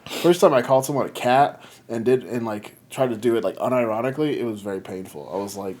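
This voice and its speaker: A man's voice: medium pitch, fast talker, a little mellow. A man hosting a podcast, chatting casually with friends, often laughing and restarting his sentences. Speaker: podcast host. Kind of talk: casual chat.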